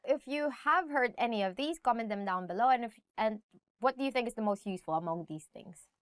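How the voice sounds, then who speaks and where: A woman's voice: on the high side, animated, brisk, smooth, dry recording, studio quality. A young woman with a Filipino accent, teaching a casual language lesson in a chatty way and laughing often between phrases.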